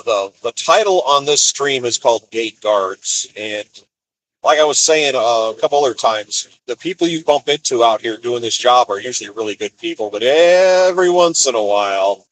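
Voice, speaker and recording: A man's voice: mid-range voice, animated, moderate pace, fairly bright tone, no room sound, low-quality recording. A man, a van driver, telling road stories in a rambling, wry way during a live stream from his van. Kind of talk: casual storytelling live stream. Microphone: phone.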